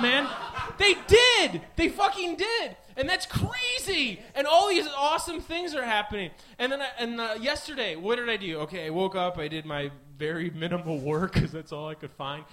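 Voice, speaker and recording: A young man with a strikingly high voice, hosting a podcast in a loose comic monologue. His tone is bright and sharp. He rambles, swears freely, mocks himself and jumps between mumbled asides and sudden yelps. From American Midwest. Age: 20s. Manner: rambling, profane and self-mocking, swinging from mumbles to yelps. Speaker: podcast host. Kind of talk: comedic monologue.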